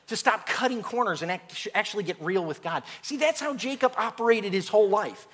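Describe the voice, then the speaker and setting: A middle-aged man preaching a sermon, telling stories in an animated way and laughing through the funny parts. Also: sits high. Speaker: pastor.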